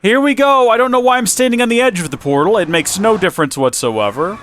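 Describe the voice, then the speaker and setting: A man's voice: high voice, very animated, fast talker, a bit bright, slight background noise. Flustered man narrating gameplay. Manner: rambling, self-deprecating, flustered. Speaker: let's play host. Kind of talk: casual gameplay commentary.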